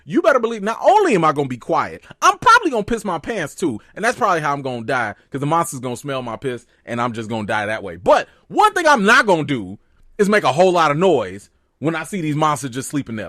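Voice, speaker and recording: An animated man hosts a casual TV recap, breaking into excitable, joking asides. His pitch swings widely and sits a little high. The sound is dry and close. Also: fast, no echo. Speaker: show recap host.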